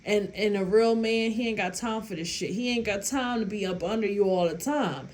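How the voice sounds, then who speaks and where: A woman's voice: medium pitch, normal speed, darkish tone. A woman, talking casually and bluntly to her viewers with lots of profanity, giving relationship advice. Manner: blunt, profane, emphatic, laughs at her own story.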